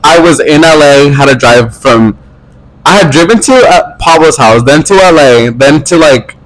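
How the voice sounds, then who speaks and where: A man's voice: a little high, moderate pace, poor audio. A young man co-hosting a podcast in casual chat. He mostly chimes in with short agreements. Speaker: podcast co-host.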